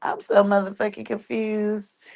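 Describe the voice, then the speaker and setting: A woman's voice: mid-range voice, completely flat delivery, a little slow, creaky, darkish tone. A woman giving casual livestream commentary in a blunt, exasperated way, swearing freely as she talks. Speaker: streamer commenting on an online family.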